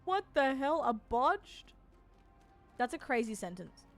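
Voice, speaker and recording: A young woman with an Australian accent chats through a live game stream, playful and familiar with her viewers. Her voice sits a touch high. Faint game music plays under her talk. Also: big pitch swings, takes it slowly. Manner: chatty and playful, calls viewers doll and babe. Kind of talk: casual live-stream chat while playing.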